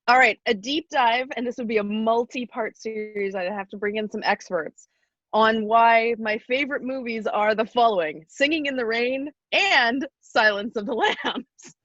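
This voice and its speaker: A young adult woman chatting casually on a podcast, pitching ideas and laughing often. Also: unhurried, a bit bright, no room sound, muffled recording.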